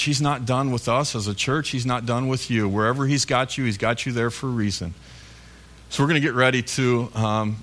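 Man, pastor, preaching a sermon, plays both sides of a conversation with God. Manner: acts out a back-and-forth dialogue with God, dropping lower and softer for God's replies.

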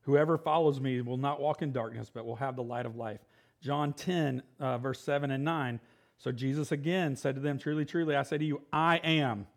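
Male pastor, higher voice, sermon that mixes scripture reading with casual, laughing asides. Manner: reads scripture aloud, then riffs casually with quick laughs and rising exclamations.

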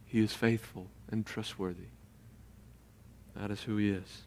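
A man preaching a sermon in a church, rising to loud, emphatic passages and acting out the people he quotes. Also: fairly even intonation, measured pace, vocal fry, a little hiss or hum. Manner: builds to loud, high-pitched emphatic preaching; acts out quoted voices mid-sermon. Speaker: pastor. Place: church sanctuary. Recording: long reverb of a large hall.

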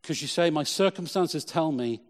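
A middle-aged man, a pastor, preaching a sermon with emphatic, slow, repeated phrases. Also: a little high, long reverb tail.

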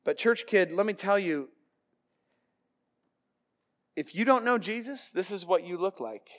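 A man preaching a lively, jokey youth sermon, calling out to his listeners for amens. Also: sits high, a little slow. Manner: animated, jokey, calls for amens. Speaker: youth pastor.

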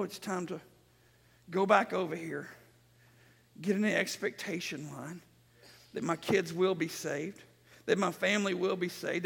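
Male pastor, very high and bright voice, emphatic preacher, long church reverb. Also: vocal fry, breathy edge. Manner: emphatic preaching, repeats phrases, rises to shouts. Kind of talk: sermon. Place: church sanctuary.

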